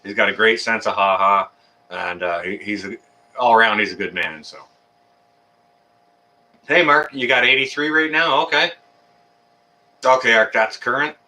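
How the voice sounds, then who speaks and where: Bright-voiced man, chatty and rambling. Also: fairly low pitch, normal speed, long pauses. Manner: rambling, filler-heavy, friendly banter. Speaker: livestream host. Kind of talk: casual live chat greeting viewers. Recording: voice a bit far from the mic.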